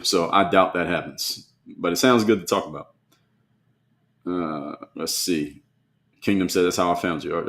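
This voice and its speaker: A man hosting a solo live stream, reading chat comments aloud and pushing back on them bluntly in a conversational way. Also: low-pitched.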